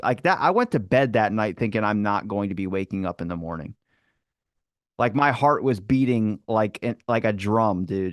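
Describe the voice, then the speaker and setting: Animated storytelling man. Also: fairly low pitch, no room sound, studio quality. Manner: animated, swearing, acts out quotes. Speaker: podcast guest. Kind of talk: casual storytelling.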